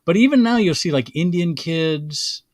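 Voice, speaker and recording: A man hosting a casual comedy talk show, talking in halting bursts with frequent restarts. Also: fairly high pitch, expressive, dry recording, clean studio sound. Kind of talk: casual chat.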